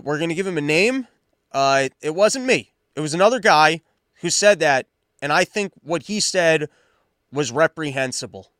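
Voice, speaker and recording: A man hosting a commentary show, talking in a casual, sarcastic riff with a slightly higher voice than most men. The recording is close and dry, with no room around him. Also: no echo. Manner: sarcastic, animated, riffing.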